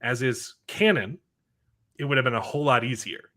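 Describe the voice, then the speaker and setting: A man with a middle-pitched voice talks in a loose, sarcastic way, brushing things off and now and then sliding into mocking voices. He sounds like the host of a casual chat show. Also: normal speed, pushed and bright. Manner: sarcastic, dismissive, mocks scenes in put-on voices.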